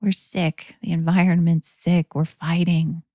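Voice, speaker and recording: A woman's voice: fairly low pitch, flat delivery, a little slow, dark tone, no room sound, studio quality. Solemn self-styled world president, as a woman puts him on. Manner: grave, solemn delivery. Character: solemn man who thinks he rules the world.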